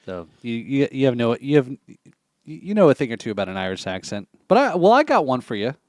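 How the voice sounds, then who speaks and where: A man co-hosting a podcast in casual chat, playful and quick with puns and dad jokes. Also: mid-range voice, big pitch swings, darkish tone, dry recording, studio quality. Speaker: podcast co-host.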